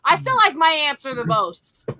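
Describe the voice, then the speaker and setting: High bright woman on a game stream, teasing, swears pop out constantly. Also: very animated, moderate pace, a little hiss or hum. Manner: blurts out swear words, teasing. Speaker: podcast co-host. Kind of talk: casual party-game chat.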